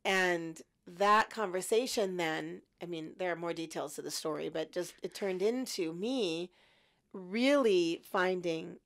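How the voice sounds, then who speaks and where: A woman in her fifties, a podcast guest, telling her story in an animated, self-mocking way. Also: fairly low pitch, measured pace.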